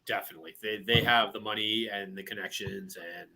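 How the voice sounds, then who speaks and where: A man's voice: lowish voice, steady tone, a little fast, sharp tone, husky. A man co-hosting a pop culture podcast, chatting in a dry, laid-back way. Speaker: podcast co-host. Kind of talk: casual chat.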